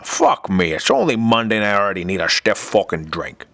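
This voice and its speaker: A man's voice: fairly low pitch, big pitch swings, brisk, gravelly, fairly bright tone, dry recording, heavily acted. A man voicing an exasperated, foul-mouthed male cartoon therapist with a sarcastic delivery. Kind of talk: cartoon comedy voice acting.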